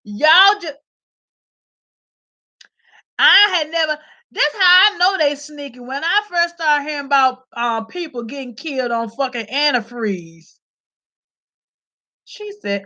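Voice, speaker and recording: A woman riffing straight to her viewers in a high voice. Her tone is bright and forceful. The commentary is loose and profane, and she breaks into laughs often. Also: slow pace, pauses often, dull audio. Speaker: vlogger. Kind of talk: casual comedic commentary.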